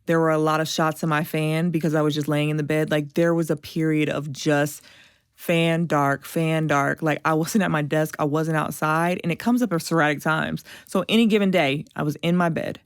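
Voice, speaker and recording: Creaky-voiced woman telling her story. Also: sits low, moderate pace, no room sound, clean studio sound. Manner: animated storytelling, acts out quoted voices. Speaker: podcast guest. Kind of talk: emotional personal testimony.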